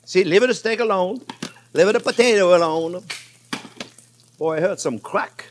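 Older guy chef talking you thru breakfast, kinda high voice, calls everyone friends. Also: a little slow, a little hiss or hum. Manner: chatty and reassuring, calls viewers friends; lively pitch swings, laughs at his own slips. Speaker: cooking show host and chef. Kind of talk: casual cooking demonstration.

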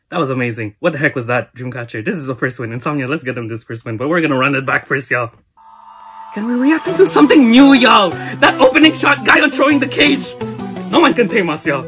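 Excitable reaction vlogger, very animated pitch, a music video blaring behind, sweaty and tearful. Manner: excitable, says "y'all" constantly, laughs often. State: sweaty and teary after the video. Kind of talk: excited casual reaction commentary. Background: music video playing.

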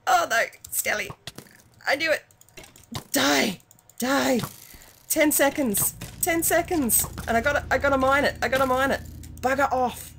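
Aussie lady youtuber chatting away over her game, kinda high voice, gets all excited and yells at stuff. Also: a little slow. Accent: Australian. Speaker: gaming YouTuber. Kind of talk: casual game commentary.

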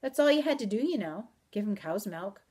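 A woman reading aloud in the voice of a mysterious, teasing wandering man with calm, old-country phrasing. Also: mid-range voice, brisk, husky. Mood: wry. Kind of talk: audiobook reading.

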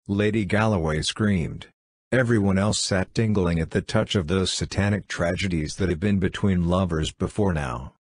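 A man narrating a classic story as an audiobook reader, in a measured, even way. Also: sits low, no echo.

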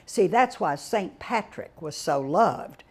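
An older woman from Texas, giving a digressive storytelling lecture with dramatic exclamations and drawn-out words. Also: on the low side, expressive. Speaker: guest speaker reviewing a book.

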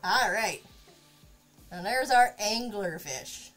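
A woman's voice: medium pitch, animated, slow pace, a bit bright, faint music behind. A woman streaming from her home craft workspace, chatting casually and talking to her cat while she works. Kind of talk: casual live-stream chat.

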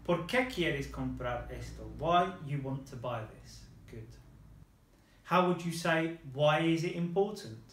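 A man runs a spoken language lesson, repeating phrases slowly and praising each reply. His voice sits a little high for a man. The room rings with a noticeable echo. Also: animated. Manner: patient, encouraging, models phrases slowly and praises each answer. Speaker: language teacher. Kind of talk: guided lesson with a student.

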